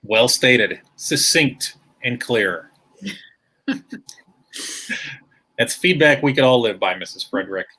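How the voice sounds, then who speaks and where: A man's voice: mid-range voice, expressive, slow, long pauses, bright, forceful tone, breathy edge. A man hosting a school presentation livestream, taking audience questions with upbeat, formal phrasing.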